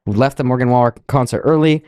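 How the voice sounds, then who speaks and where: A man's voice: mid-range voice, quick pace, darkish tone, clean tone, no room sound. A young man co-hosting a podcast, casually retelling a night out in a loose, profane way with quoted asides. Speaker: podcast co-host. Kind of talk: casual storytelling.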